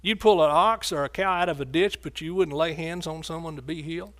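A man's voice: fairly high pitch, brisk, a bit bright. A man preaching a sermon in a folksy, joking way.

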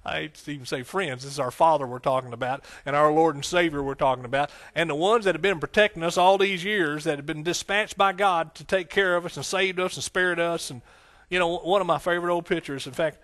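A man's voice: a little high, fairly quick, few pauses, a bit bright. A man preaching a folksy, conversational sermon, with frequent amens and hallelujahs. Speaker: pastor.

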